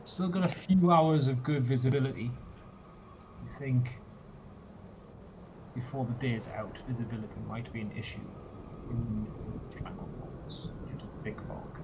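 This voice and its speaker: A man's voice: mid-range voice, steady tone, moderate pace, pauses often. A man narrating a tabletop game as game master, in a descriptive, dry and wry manner. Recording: dull, noisy online call audio.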